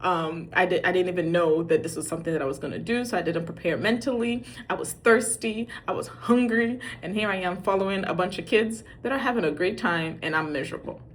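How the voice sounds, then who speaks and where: A middle-aged woman telling a funny parenting story in a casual, animated way. She acts out the dialogue and pokes fun at herself. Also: fairly low pitch, fairly quick, a little hiss or hum. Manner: animated, acts out quoted dialogue, self-mocking. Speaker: parent sharing dating advice.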